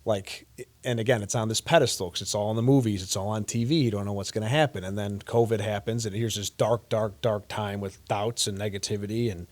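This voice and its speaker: A man's voice: lowish voice, brisk. A man with a Chicago accent, a comedian guest rambling in a casual podcast chat, swearing often. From Chicago area. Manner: rambling, swears freely, lively impressions.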